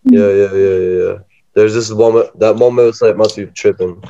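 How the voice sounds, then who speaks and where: A man's voice: on the low side, steady tone, normal speed, dark tone. A man co-hosting a casual podcast about poetry, playful, laughing often and drawing words out. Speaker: podcast co-host. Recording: dull lo-fi podcast audio.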